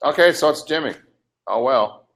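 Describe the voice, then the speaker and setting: A man's voice: mid-range voice, expressive, normal speed, gravelly, fairly bright tone. An older man in a heated live webcast argument, ranting in an agitated, profane way. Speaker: livestream participant.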